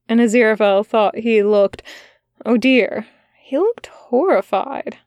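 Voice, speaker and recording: A woman reading fan fiction aloud as a podfic, narrating calmly and softly. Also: on the high side, a little slow, dry recording, clean studio sound. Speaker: podfic reader.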